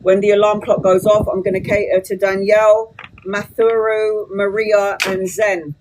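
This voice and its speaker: A woman's voice: medium pitch, level tone. Woman in her 40s doing a tarot live on her phone, blunt and sweary, faint hiss behind. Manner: blunt and sweary, quick to vent. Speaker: tarot reader. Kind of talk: casual live-stream talk.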